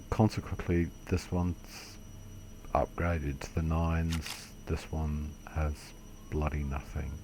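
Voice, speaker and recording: Deep gravelly guy rambling slowly thru a game tutorial, swears a bit, laughs at his own mistakes. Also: a little mellow, slight background noise. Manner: rambling, self-deprecating, mild swearing. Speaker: gaming video creator. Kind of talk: casual game tutorial commentary.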